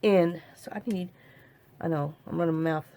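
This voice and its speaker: A woman's voice: fairly low pitch, moderate pace, dark tone. A middle-aged woman, chatting casually while she crafts and telling a long story full of fillers and restarts. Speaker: crafting vlogger.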